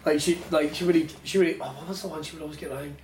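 A man's voice: a little high, steady tone, fast, a little mellow. A Scottish man co-hosting a podcast, telling rambling anecdotes with lots of swearing and laughter. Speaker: podcast co-host. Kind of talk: casual chat. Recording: echoey room, faint noise.

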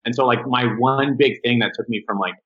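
A marketing agency owner, appearing as a podcast guest, talks casually about his business and animatedly acts out quotes as he tells stories. His mid-range voice moves a little fast, and the sound is lo-fi.

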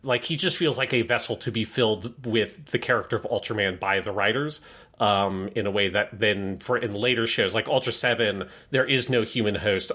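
Excitable male podcast co-host, bright tone. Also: fairly low pitch. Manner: enthusiastic, acts out shouted lines in quotes. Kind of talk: casual film review chat.

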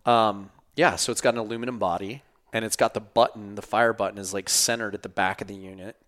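A man's voice: fairly low pitch, steady tone, fast, a bit bright. A podcast host chatting loosely and rambling, swearing casually, his voice worn from an earlier recording. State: losing his voice. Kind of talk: casual chat.

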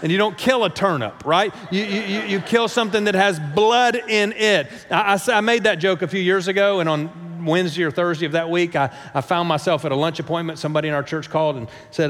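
A middle-aged male pastor with a high voice preaches to his church, building to emphatic peaks and tossing in rhetorical "right?" checks. He often stumbles and repeats words as he starts a phrase. His voice carries a long reverb from the large sanctuary. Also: fairly quick, fairly bright tone. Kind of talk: sermon.

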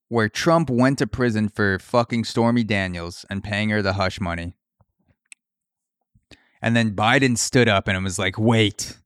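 A man's voice: lowish voice, fairly bright tone, clear, resonant tone, no echo, studio quality. A young man hosting a comedy podcast, ranting crudely and riffing through mock voices for his bits. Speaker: podcast host.

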